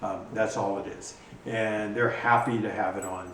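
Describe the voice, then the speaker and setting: A man who trains hunting dogs explains his gear in a casual instructional video, talking haltingly with frequent ums and restarts. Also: on the low side, fairly even intonation, a bit bright. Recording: echoey room, distant mic, faint noise.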